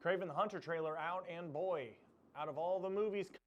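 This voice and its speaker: A man doing a wisecracking jokester with a noticeably high voice, firing off quiet, rapid one-liners. The voice sits well above a typical man's range and sounds set back from the mic. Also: dull audio, close to an everyday voice. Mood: joking.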